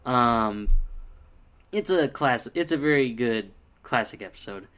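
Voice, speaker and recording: A man's voice: medium pitch, animated, measured pace, a bit bright. Hesitant man reviewing, lots of ums. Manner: hesitant, many ums and restarts. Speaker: video reviewer. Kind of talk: casual spoken review.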